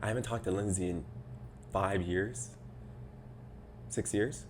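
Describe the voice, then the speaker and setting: A man's voice: lowish voice, a little slow, a little hiss or hum. A young man hosting a podcast, telling a story in a casual, exasperated rant. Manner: exasperated, animated storytelling with mocking quoted voices. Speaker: podcast host.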